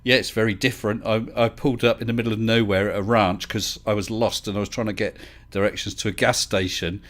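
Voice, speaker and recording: A man's voice: on the low side, fairly even intonation, fast, fairly bright tone. A British man hosting a live stream, chatting casually, interrupting himself and laughing easily. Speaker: livestream host.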